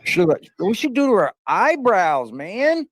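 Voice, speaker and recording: A man on a livestream, sick and low on energy, talking in a crude, slangy way with lots of swearing. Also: sing-song, takes it slowly. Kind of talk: livestream chat.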